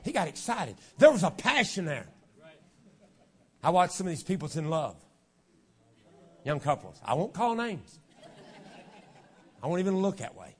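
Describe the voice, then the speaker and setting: A man in his fifties preaching a sermon as pastor, folksy and joking, swinging from quiet asides to shouting. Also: sits high, very animated, normal speed, pauses often, breathy edge. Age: 50s.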